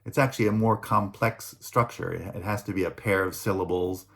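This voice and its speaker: Low gravelly man lecturing with many ums. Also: brisk, fairly bright tone. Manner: hesitant, many fillers and restarts, checks in with "right?". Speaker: linguistics lecturer. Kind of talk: recorded online lecture.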